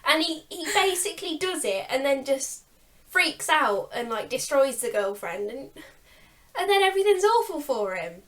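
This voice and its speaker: A woman's voice: sits high, big pitch swings, normal speed, fairly bright tone. A young woman co-hosting a book channel, chatting casually and laughing often as she vents. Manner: chatty, laughs often, exasperated about characters. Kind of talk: casual chat.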